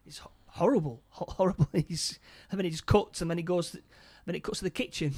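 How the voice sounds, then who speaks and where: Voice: medium pitch, fast, darkish tone, slightly rough. A speaker casually retelling a film's plot scene by scene, stumbling over and repeating words. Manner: stammering, repeats words often.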